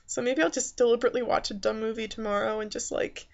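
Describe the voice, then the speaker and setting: A woman's voice: fairly high pitch, steady tone, fast, gravelly, dull audio. A woman giving a casual spoken movie review, rambling with many fillers and restarts. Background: faint background noises.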